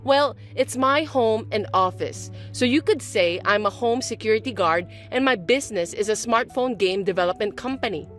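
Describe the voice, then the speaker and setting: A woman reading a dramatized text-message story in a calm, dry, matter-of-fact way. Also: on the high side, normal speed, few pauses, soft background music. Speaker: story narrator and main character. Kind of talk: texting-story dialogue reading.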